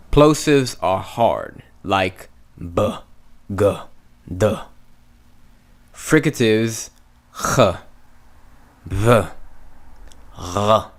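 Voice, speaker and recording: A man's voice: lowish voice, animated, very slow, long pauses. A man teaching Hebrew letters, patiently repeating each sound and stroke several times. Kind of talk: slow step-by-step lesson.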